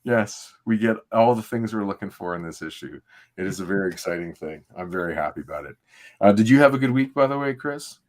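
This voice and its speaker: A man's voice: fairly low pitch, expressive, fairly quick. A middle-aged man co-hosting a livestream, talking in a rambling, laid-back way with plenty of fillers. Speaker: podcast co-host. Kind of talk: casual livestream chat.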